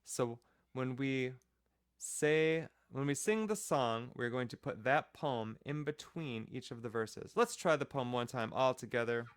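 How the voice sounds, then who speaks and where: A man's voice: mid-range voice, measured pace, clean tone, dry recording, studio quality. Patient man teaching a music class. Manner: patient, explains step by step; counts off and keeps the beat. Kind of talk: children's music lesson.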